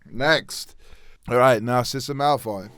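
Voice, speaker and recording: A man's voice: medium pitch, a little slow, fairly bright tone, clean tone, no echo, clean studio sound. A man with a Yorkshire accent, chatting comedically between impressions with a self-mocking, apologetic manner and a strained voice. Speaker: impressionist youtuber.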